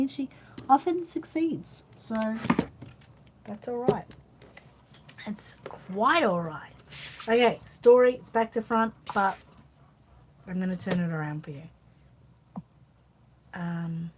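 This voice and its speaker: A woman's voice: mid-range voice, lively intonation, normal speed, pauses often, a little mellow, slight background noise. An Australian woman hosting a casual live chat, rambling and reading out viewer comments while tired and yawning. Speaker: channel host.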